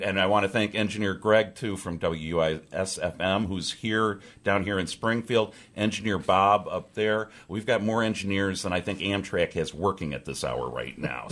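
Deep-voiced man hosting radio talk. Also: a bit bright. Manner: rambling, many fillers and restarts. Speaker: radio show host. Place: statehouse press room.

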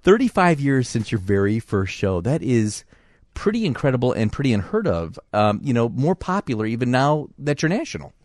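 A man hosting a radio interview, chummy and quick to laugh. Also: medium pitch, sing-song, a little mellow, no room sound, studio quality. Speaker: radio host. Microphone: studio microphone.

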